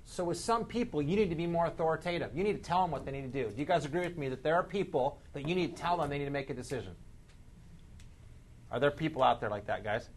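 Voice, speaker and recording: A man leading a live sales training seminar, energetic, quizzing the audience and shifting his speed and loudness for emphasis. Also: a little high, fast.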